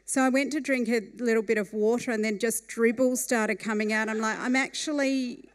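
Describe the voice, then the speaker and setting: A woman tells a comic story on stage in a wry, lively way. Her voice sits slightly high and comes across smooth and clear. She keeps the telling animated and amused. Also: fairly quick.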